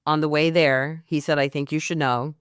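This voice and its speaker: A middle-aged woman tells her story as a podcast guest, candid and animated. Her voice is smooth and clear. The recording is dry and close, with no room sound. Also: low voice, moderate pace, dry recording. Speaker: guest, mortgage coach.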